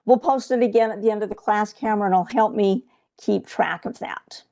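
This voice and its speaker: A woman's voice: mid-range voice, normal speed, creaky, mellow. A woman coaching viewers through a live trading webcast in a chatty way, often checking in with "okay?".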